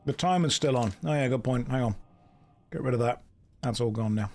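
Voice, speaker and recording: A man's voice: medium pitch, a little fast, a little mellow. A British man live-streaming a game, chatting casually and joking as he reads out and riffs on viewer messages.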